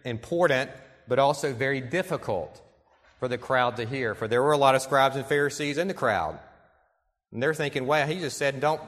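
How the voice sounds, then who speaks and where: A man's voice: medium pitch, fairly bright tone. Earnest male pastor preaching in a reverberant hall. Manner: earnest preaching, reads quotations aloud, slows for emphasis. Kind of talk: sermon. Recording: long reverb in a large hall.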